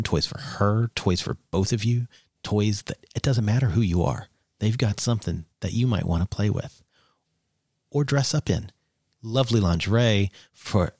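Male podcast host, lowish voice, jokey casual ad reads, dry booth. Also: no echo. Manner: playful, joking, lively.

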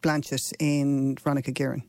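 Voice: medium pitch, little pitch movement, fairly quick, a little mellow, no room sound. A panelist chats on a radio show in a mid-range voice, easygoing and teasing. The sound is dry and close to the microphone. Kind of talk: casual radio chat.

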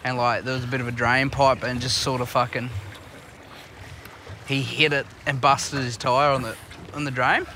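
A man's voice: mid-range voice, little pitch movement, moderate pace, pushed and bright, a little hiss or hum. An Australian man co-hosting a podcast, telling rambling, profane stories in casual chat. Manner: swears a lot, tells rambling stories. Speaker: podcast co-host.

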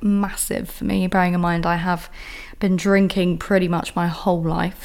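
A woman's voice: fairly low pitch, gravelly, a little mellow. A young woman hosting a podcast, telling a story in an exasperated, ranting monologue with heavy swearing. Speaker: podcast host. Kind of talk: candid solo monologue.

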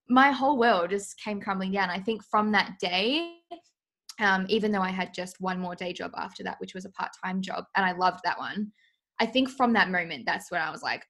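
A woman's voice: medium pitch, a little fast, fairly bright tone. A woman with an Australian accent, a business coach talking as a guest on a podcast in a playful, chatty way. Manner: playful, chatty, laughs easily. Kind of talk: casual interview chat.

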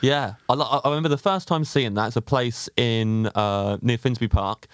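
A man from England co-hosting a podcast in casual, animated, playful chat. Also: medium pitch, normal speed, clean tone, no room sound. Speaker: podcast co-host.

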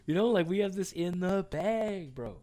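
A man's voice: high voice, animated, measured pace, dark tone. A man co-hosting a podcast, telling a long story in casual chat, rambling with lots of fillers and swearing. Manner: rambling, filler-heavy, profane. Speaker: podcast co-host.

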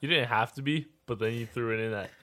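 A man's voice: mid-range voice, quick pace, fairly bright tone. A man playing a tabletop game, making teasing, dry quips at the other players. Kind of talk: tabletop role-play chat.

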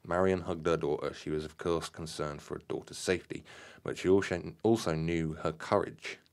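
Deep-voiced man reading his story. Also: steady tone. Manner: measured, slightly halting reading. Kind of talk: reading a personal account aloud with asides.

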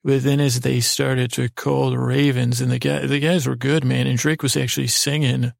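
Gravelly, flat-voiced man rambling a story. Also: mid-range voice, normal speed, no room sound, clean studio sound. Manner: meandering and hesitant, full of restarts. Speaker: podcast host. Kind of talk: rambling improvised sleep story.

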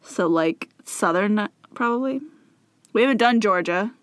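A woman's voice: medium pitch, animated, no echo, studio quality. A woman chatting casually with a friend, giggling often and throwing in sarcastic asides. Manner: giggly, sarcastic, quick to laugh. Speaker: co-host guessing state mottos. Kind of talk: casual chat.

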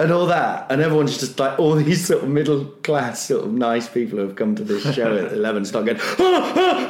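A man, a comedian and podcast co-host, telling a loose, rambling comic story full of fillers and acted-out voices. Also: medium pitch. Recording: roomy echo.

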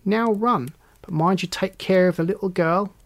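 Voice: medium pitch, moderate pace, a little mellow, natural voice. A storyteller voicing a wild young robber girl in a storybook reading, with blunt, commanding speech. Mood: bossy.

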